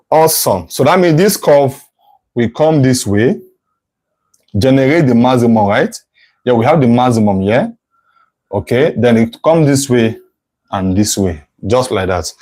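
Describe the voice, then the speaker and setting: A man's voice: mid-range voice, darkish tone, poor audio. A male math tutor teaching a live online lesson, thinking aloud as he sketches a curve, correcting himself and checking in with "right?".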